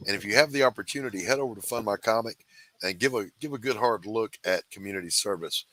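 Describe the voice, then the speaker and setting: Forceful man hosting a chat show. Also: fairly low pitch, fast, no room sound. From South Carolina Low Country. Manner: jokey, rambling, laughs easily. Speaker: podcast host. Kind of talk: casual chat.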